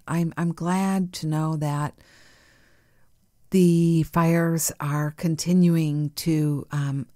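A woman hosting a spiritual podcast in a soft, nurturing way, laughing easily and sometimes dropping to a whisper. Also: low voice, dry recording, clean studio sound. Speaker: podcast host. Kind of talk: gentle spiritual podcast chat.

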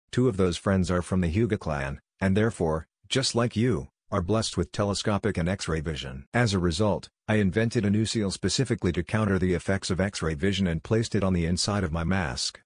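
A man's voice: deep voice, dry recording, clean studio sound. A man reading the part of a kind, confident young male ninja leader who speaks earnestly and persuasively. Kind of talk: audiobook reading of fan fiction.

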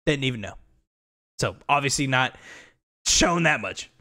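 A man co-hosting a casual gaming podcast, talking in an animated way, swearing casually and laughing as he acts out scenes. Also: medium pitch, measured pace. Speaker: podcast co-host.

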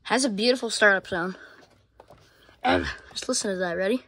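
A woman with a mid-range voice talks at a moderate pace, casually narrating a home vlog as a fan collector. She rambles, swears a lot, and fumbles with her gear in a room at home. It's recorded on a phone camera, with loud fan noise in the background.

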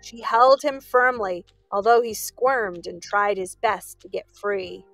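A woman reading a children's story aloud in an expressive way, with asides to her listeners. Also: mid-range voice, takes it slowly, vocal fry, no room sound, faint music behind, low-quality recording.

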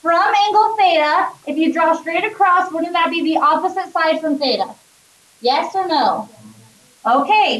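Woman math teacher, upbeat, high voice, echoey classroom, distant mic. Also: a bit bright. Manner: upbeat, checks in with students often. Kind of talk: classroom lecture.

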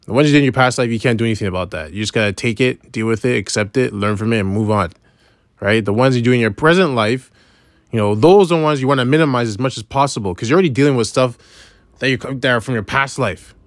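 A man giving an informal scripture lesson, reading verses slowly and then explaining them in casual talk, checking in with "right?" after nearly every point. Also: medium pitch, no echo, clean studio sound. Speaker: bible teacher.

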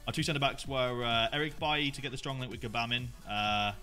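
A man's voice: mid-range voice, a little fast, sharp tone, soft background music. A man casually talking through his team and match as a guest player, laid-back and full of fillers. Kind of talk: casual gaming chat.

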